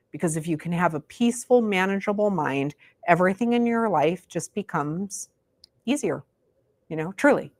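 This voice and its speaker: Low-voiced chatty woman teacher. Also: no room sound. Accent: American. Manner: chatty, rambling, informal. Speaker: meditation teacher. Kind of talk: casual talk to a class. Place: meditation room.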